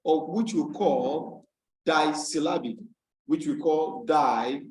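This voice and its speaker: A man from Nigeria teaches an online tutorial, his voice sitting a little high. He explains rules patiently and repeats key words slowly for students to copy. The call audio carries a noticeable room echo. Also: slight background noise. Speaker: English tutor. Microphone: video call. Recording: echoey room on a video call.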